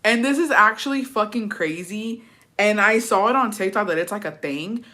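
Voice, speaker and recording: Bright-voiced woman vlogger, profane and blunt. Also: mid-range voice, normal speed. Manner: animated storytelling. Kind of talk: reading viewer comments and reacting.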